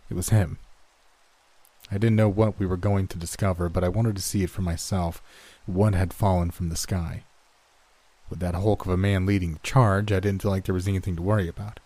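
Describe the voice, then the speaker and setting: A man with a very low, dark voice narrates a scary story, steady and measured. The sound is dry and close, with no room around it. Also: dry recording. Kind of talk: scripted horror story narration.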